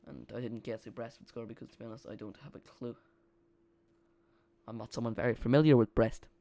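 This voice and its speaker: A man's voice: mid-range voice, fairly even intonation, fairly quick, vocal fry, warm tone. A man hosting a live football watch-along, rambling and joking with his chat while calling the play.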